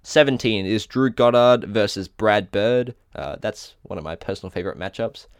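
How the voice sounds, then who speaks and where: Here the Australian co-host talks at a moderate pace in a low, clear, resonant voice, recorded in a studio with no room sound. While reading a list on the casual podcast, he fumbles tricky names and fixes them with small corrections.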